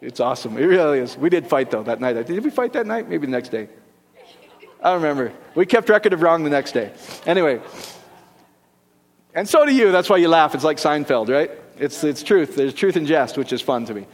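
A middle-aged man preaching with a fairly high voice, his words ringing out in a hall with a long reverb. He jokes and keeps throwing questions back at his congregation. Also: brisk. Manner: lively, joking, rhetorical questions to the congregation. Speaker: pastor. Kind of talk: sermon.

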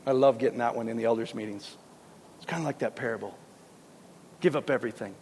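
A man preaching a sermon to a congregation, in a conversational, animated way with casual asides. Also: medium pitch, fast talker, long reverb tail, slight background noise.

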